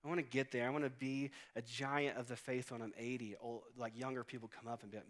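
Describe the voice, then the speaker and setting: A man's voice: medium pitch, flat delivery, fast, few pauses, fairly bright tone. A man in his late thirties preaching a sermon as pastor, in a conversational, storytelling way with humor. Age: 30s. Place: church auditorium stage.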